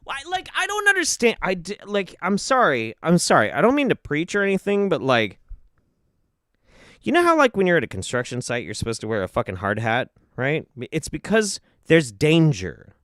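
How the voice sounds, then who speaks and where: A young man streaming live reaction commentary, ranting and swearing, swinging between loud outbursts and muttered asides. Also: a little high, wildly swooping pitch, normal speed, no room sound, studio quality.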